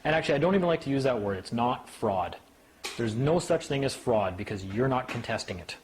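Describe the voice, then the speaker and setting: A man in casual talk to a small group, an animated storyteller who mimics officials in a higher voice. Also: brisk, slight background noise. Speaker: speaker.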